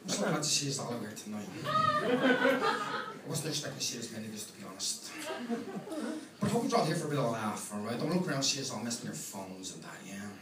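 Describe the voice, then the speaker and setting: A man's voice: medium pitch, wildly swooping pitch, fast, pauses often, heavy background noise. An Irish man in his thirties doing a cheeky, chatty stand-up set in a small comedy club. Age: 30s. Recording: echoey club from far off, crowd behind.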